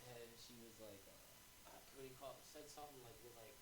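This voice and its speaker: A man's voice: medium pitch, brisk. A man co-hosting a podcast, telling profane stories full of acted quotes and laughing often. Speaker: podcast co-host. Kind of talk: casual chat. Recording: roomy echo with crowd noise.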